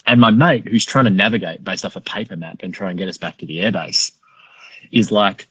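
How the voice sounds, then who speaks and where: An Australian man with a lowish, bright, forceful voice, recorded dry and close. He tells a story as a podcast guest, casual and animated, swearing freely. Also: fairly quick, breathy edge, dry recording, muffled recording.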